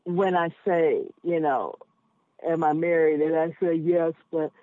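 A cab driver appears as a podcast guest, speaking frankly and emphatically and thinking out loud with lots of asides. Her low voice holds a steady tone at a measured pace, and the audio is a dry, tinny phone line with no echo.

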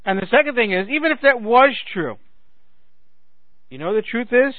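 A man's voice: very high-pitched, sing-song, normal speed, dry recording. A man in his forties hosting a talk radio show, ranting sarcastically at listeners while fighting a failing voice. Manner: ranting, sarcastic, addresses listeners as ladies and gentlemen. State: losing his voice, clearing his throat. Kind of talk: political talk radio monologue. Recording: dry phone-like radio sound.

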